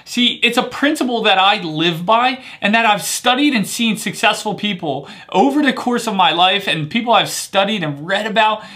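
Energetic male coach in his thirties, high and bright voice, keeps asking "right?". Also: moderate pace, few pauses. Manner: energetic, punctuates points with "right?". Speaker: life coach. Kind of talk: motivational talk to camera.

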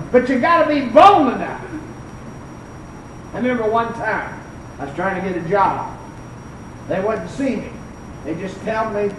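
An older preacher giving a fervent revival sermon, telling stories and rising to shouts at the peaks. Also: medium pitch, lively intonation, normal speed, long pauses, a little hiss or hum. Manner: fervent, storytelling, rises to shouts. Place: church sanctuary. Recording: echoey church, mic far off.

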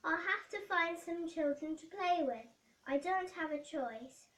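A woman voicing a spoiled, loud young princess who talks in a demanding, whiny way. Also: extremely high pitch, measured pace, voice pushed up. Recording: roomy echo.

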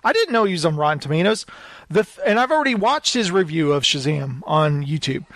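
This podcast co-host, a man with a high voice, chats casually at a brisk clip with no room sound. He spins stories with lots of energy and performs the quoted voices himself.

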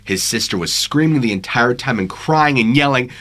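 A man's voice: mid-range voice, lively intonation, normal speed, a bit bright. A man narrating scary true stories in a dramatic, suspenseful storytelling manner on a studio microphone.

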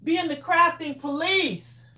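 A woman co-hosting a live crafting stream, reading viewer comments aloud with quick teasing banter and frequent laughs. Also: extremely high pitch, sharp tone, poor audio.

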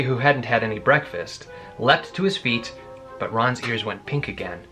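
Man, chatty vlog host reading aloud, bright voice, soft music under. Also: medium pitch, moderate pace. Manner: enthusiastic, chatty. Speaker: book collector host. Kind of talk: read-along and unboxing vlog.

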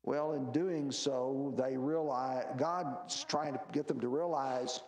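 A man's voice: mid-range voice, fairly even intonation, slow, hardly any pauses, a little mellow, roomy sound. A man leading a church Bible study, reading scripture aloud with rising emphasis and explaining it plainly with fillers. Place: church meeting room.

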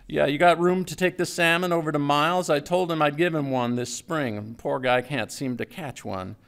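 A man's voice: on the high side, normal speed, gravelly, a bit bright, clean tone. A man reading a story aloud, voicing a plain-spoken male fisherman on a dock with a matter-of-fact manner. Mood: easygoing.

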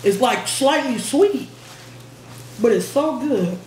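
A woman's voice: on the high side, lively intonation, takes it slowly, a little mellow. A young woman hosting a mukbang vlog, chatting playfully and laughing while she eats. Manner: playful, laughing, says "period" often. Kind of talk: casual chat while eating. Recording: echoey room with background noise.

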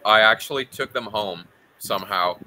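A man's voice: fairly low pitch, moderate pace, bright, forceful tone, slight background noise, poor audio. A man chatting casually with friends during a game stream, stammering and restarting his sentences. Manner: stumbling, stammers before getting a sentence out. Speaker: gaming stream guest. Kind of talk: casual chat.

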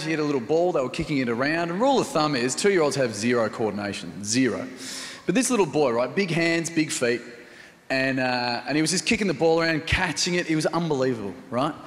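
A male comedian with an Australian accent telling wry, animated stories on stage. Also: a little high. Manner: wry, animated storytelling with quoted voices. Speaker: stand-up comedian. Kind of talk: stand-up storytelling. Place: live comedy venue on stage. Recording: live venue with long reverb and faint noise.

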